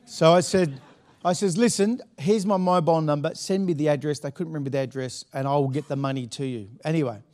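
A man's voice: fairly high pitch, a little fast, hardly any pauses, darkish tone. A middle-aged man, a pastor telling a story from the pulpit in a chatty, laughing way with many restarts. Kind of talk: sermon anecdote.

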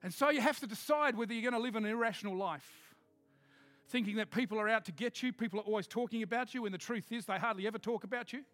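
A man preaching a sermon, emphatic, switching between quick asides and slow, loud declarations. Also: high voice, no room sound.

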